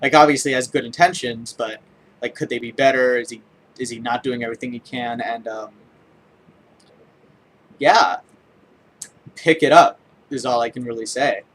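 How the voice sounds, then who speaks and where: Halting, enthusiastic young man reviewing comics. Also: medium pitch, a bit bright. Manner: enthusiastic, halting, full of ums and restarts. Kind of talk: casual spoken review.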